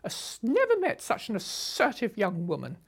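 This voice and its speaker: Older lady telling old stories, assertive, brisk, voice goes up and down a lot. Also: mid-range voice, vocal fry, husky. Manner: brisk, assertive, animated retelling with laughs. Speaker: storyteller recalling her past. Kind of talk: unscripted spoken memoir.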